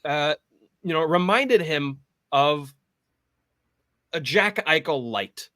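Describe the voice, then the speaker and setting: A man's voice: fairly high pitch, expressive, slow, pushed and bright, no echo, clean studio sound. A man co-hosting a hockey podcast, chatting in an eager, agreeable way. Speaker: podcast co-host. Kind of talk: casual sports podcast chat.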